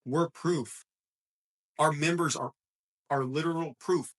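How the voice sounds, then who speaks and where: A man's voice: fairly high pitch, steady tone, slow pace, fairly bright tone, breathy edge. A man co-hosting a gym podcast, talking in an earnest, motivational way and often restarting his sentences as he thinks aloud. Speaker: gym coach and podcast co-host. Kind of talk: casual podcast chat.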